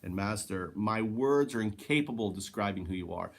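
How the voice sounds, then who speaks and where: A man's voice: fairly low pitch, animated, brisk, creaky, pitched below the performer's own voice. A man voicing a humble male disciple who speaks hesitantly and reverently to his teacher.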